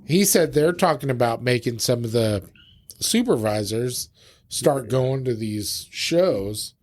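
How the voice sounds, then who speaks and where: Crude joking podcast host. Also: male voice, medium pitch, expressive, slow, a little mellow. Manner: crude, swearing, joking banter. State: tipsy from drinking. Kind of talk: casual chat.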